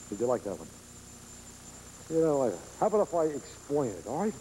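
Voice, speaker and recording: A man's voice: medium pitch, very animated, a little slow, dark tone, slight background noise, poor audio. A man doing magic trick patter on a 1970s horror TV show, showy and chuckling.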